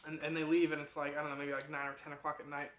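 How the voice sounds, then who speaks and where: Chatty book club host, slightly high and bright, rambling, echoey room. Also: male voice, completely flat delivery, very fast. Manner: chatty, rambling, laughs at the plot. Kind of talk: casual book summary.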